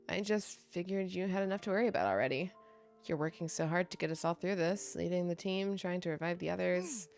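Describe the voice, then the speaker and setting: A woman's voice: fairly low pitch, brisk, creaky, soft background music. A woman voicing a young female student who usually jokes but hides her pain, speaking in a subdued, apologetic way.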